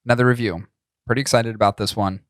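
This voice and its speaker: A man's voice: mid-range voice, fairly even intonation, quick pace, no echo. Male podcast co-host, casual and profane, throat a bit scratchy, dry close mic. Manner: loose, profane, jokey. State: coughing, tickle in throat. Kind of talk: casual chat.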